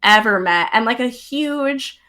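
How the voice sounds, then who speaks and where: A young woman chatting casually as a guest, bubbly and excitable, with many fillers and frequent laughs. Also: a little high, a little slow. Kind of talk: casual chat. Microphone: streamed live remote talk.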